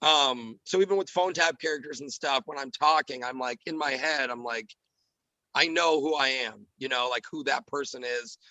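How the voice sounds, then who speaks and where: A man talking quickly and with animation in a casual podcast chat, a comedian and radio host. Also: medium pitch, dry recording, poor audio. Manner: animated, quick, drops into character voices.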